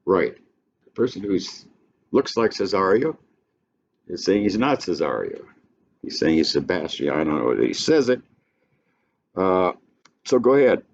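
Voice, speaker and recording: An older man lecturing a class on a play in a folksy, halting way, with frequent restarts. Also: low voice, sing-song, creaky. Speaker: literature teacher. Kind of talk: classroom lecture with read-aloud passages. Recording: dull lo-fi classroom recording with faint noise.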